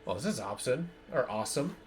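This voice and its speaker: A man's voice: medium pitch, sing-song, brisk, background noise. A man streaming a video game, chatting casually and enthusiastically about it. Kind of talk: casual gameplay commentary.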